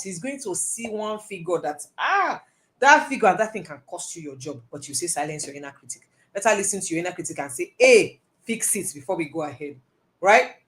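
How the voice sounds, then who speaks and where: A woman giving a live talk, answering audience questions in an earnest, emphatic way and repeating phrases for stress. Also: medium pitch. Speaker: personal development speaker.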